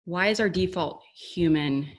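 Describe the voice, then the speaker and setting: Woman, co-host, casual spiritual chat, lowish voice, earnest, rambling. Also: moderate pace. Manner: earnest, rambling, self-questioning. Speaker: podcast co-host.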